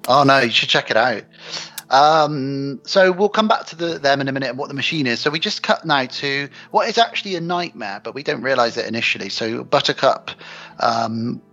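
A man's voice: medium pitch, a little fast, highs cut off, faint music behind. A man hosting a casual film discussion, retelling scenes and acting out the characters' lines. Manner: animated, acts out quoted lines in character. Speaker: podcast host.

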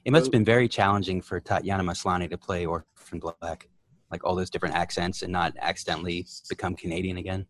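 A man in casual podcast banter, teasing his friends and laughing easily. His voice sits fairly low for a man. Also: fairly even intonation, fast talker. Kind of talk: casual chat.

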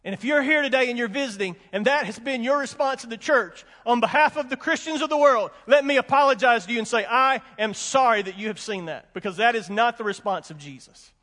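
A man's voice: very high-pitched, fast, hardly any pauses, bright, forceful tone. A man preaching a sermon as pastor, emphatic and folksy, repeating his warnings with humorous asides. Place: church sanctuary with congregation. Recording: long hall reverb.

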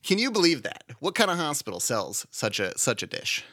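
A man's voice: a little high, wildly swooping pitch, a little fast, pushed and bright, voice pushed up, exaggerated voice. A man voicing an anxious middle-aged woman patient who rambles about her scratchy throat and breathing. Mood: flustered. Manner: rambling, chatty, incredulous.

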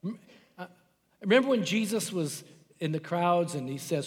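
Brief: middle-aged male pastor, high voice, fervent sermon delivery, reverberant church hall. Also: normal speed. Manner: impassioned preaching with dramatic quoted voices. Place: church sanctuary.

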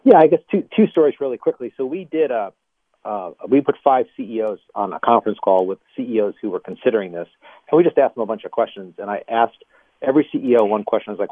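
A man's voice: on the low side, fast, no echo. Man telling stories over a phone line. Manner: animated storyteller, mimics voices. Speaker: ministry CEO guest. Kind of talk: storytelling on a radio interview. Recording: tinny phone line, dry.

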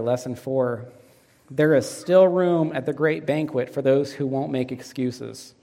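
A pastor preaching a sermon who asks the congregation fill-in questions and swings dramatically in pitch and loudness. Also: male voice, creaky. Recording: long reverb of a church hall.

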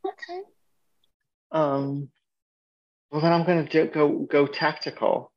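A man's voice: on the high side, steady tone, slow, dull audio. A man playing a tabletop role-playing game, joking and teasing the game master. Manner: playful, teasing. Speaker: player.

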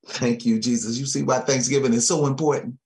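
A man with a mid-range voice preaches a sermon, chuckling often and slipping in amens and soft thanks to Jesus between his points.

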